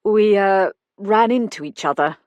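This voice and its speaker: A woman's voice: medium pitch, measured pace, darkish tone, no echo, lo-fi sound, close to an everyday voice. A woman voicing a charming, clipped, reserved male detective inspector in an audiobook.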